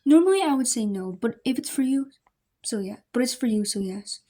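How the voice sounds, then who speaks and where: Smug blunt nobleman, dry delivery, mellow tone, voiced by a woman. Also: fairly high pitch, animated, brisk. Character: smirking, blunt male royal rival.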